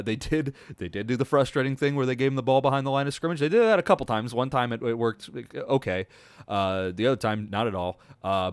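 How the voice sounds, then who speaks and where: A man hosting a casual sports reaction show, rambling and swearing with lots of fillers and restarts, dropping into mumbled asides and then breaking into excited outbursts. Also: on the low side, dry recording. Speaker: podcast host.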